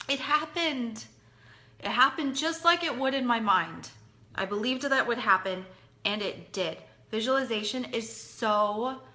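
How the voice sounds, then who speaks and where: A woman's voice: high voice, sharp tone. A woman leading a direct sales team, speaking earnestly and conversationally as she motivates them, repeating points for emphasis.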